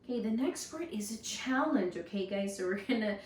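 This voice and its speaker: A woman's voice: medium pitch, lively intonation, fairly quick, far from the mic, a little hiss or hum. A woman teaching first graders, reading a lesson aloud and patiently sounding out hard words. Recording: echoey room, voice off-mic.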